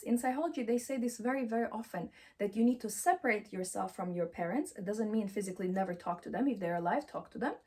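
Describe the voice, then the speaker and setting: A woman's voice: a little high, a little mellow, slightly rough. A woman giving a motivational self-help talk, emphatic and affirming, who repeats encouraging phrases and speaks English with slightly non-native grammar.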